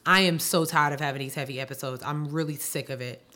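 A woman co-hosting a casual podcast, her voice sitting a bit low. She talks in an exasperated, emphatic way, circling back to the same words. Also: fast talker, bright, forceful tone. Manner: exasperated, emphatic, repeats herself. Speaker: podcast co-host. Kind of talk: casual chat.

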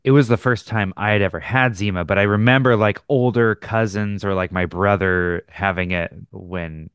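A man with a low, smooth, resonant voice talks through his opinion in relaxed casual chat. He sounds measured and reflective, recorded dry and close. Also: no echo. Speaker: podcast co-host.

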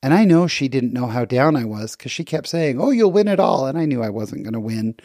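Middle-aged man, mellow voice, dry close sound, earnest reflective storytelling. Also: medium pitch, a little fast, no room sound. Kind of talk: personal story talk.

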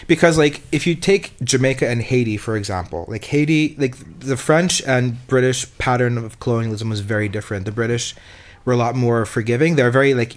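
A man's voice: mid-range voice, a little fast. A man co-hosting a podcast in casual chat, rambling, swearing and acting out quotes. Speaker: podcast co-host.

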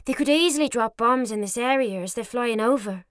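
A woman voicing a quiet, sensible young nurse who speaks earnestly and cautiously. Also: fairly high pitch, fairly quick, no room sound, studio quality, lightly acted. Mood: worried.

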